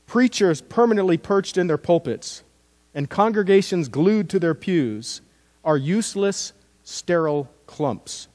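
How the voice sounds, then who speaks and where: A male pastor delivers a sermon, warm with storytelling and bright with acted-out lines. His voice sits fairly high for a man. Long reverb from the church sanctuary trails behind every phrase. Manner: storytelling with acted-out quotes, earnest and animated.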